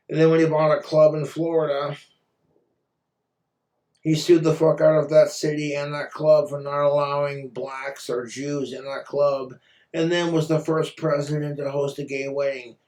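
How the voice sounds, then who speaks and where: A man's voice: on the high side, little pitch movement, moderate pace, darkish tone. Crude ranting man in an echoey room. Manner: crude, blunt, swearing, ranting. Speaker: vlogger. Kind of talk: profane casual rant. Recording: roomy echo, far from mic.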